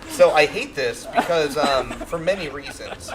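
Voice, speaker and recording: Animated, opinionated man co-hosting. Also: a little high, a little slow, crowd noise, poor audio. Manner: animated, opinionated, laughs often. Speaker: podcast co-host. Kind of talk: casual chat.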